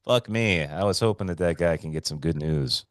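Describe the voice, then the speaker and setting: A man with a very low voice in casual podcast chat. He tells stories in an animated way and swears freely. The sound is close and dry, with no room echo. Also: normal speed. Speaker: podcast co-host.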